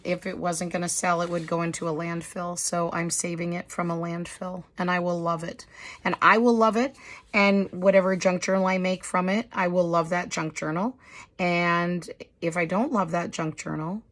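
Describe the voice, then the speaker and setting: A woman with a hoarse, slightly low-pitched voice talks through a craft haul in easy, rambling vlog chat. She is apologetic and self-deprecating, talking as if to friends watching. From United States. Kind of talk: casual chatty show-and-tell.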